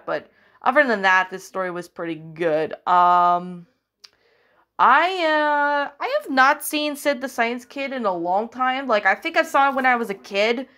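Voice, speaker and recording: Woman rambling thru a story review, lots of ums, kinda high voice, hesitant. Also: fairly bright tone. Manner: rambling, lots of fillers and restarts; apologetic, hesitant. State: hiccuping. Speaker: creepypasta narrator reviewing a story. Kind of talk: casual spoken review.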